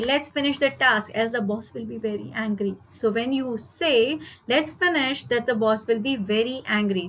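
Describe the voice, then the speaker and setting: An IELTS teacher with an Indian accent runs a live online English lesson, explaining words and posing rhetorical questions to her class. Her voice is on the high side, and the recording is rough.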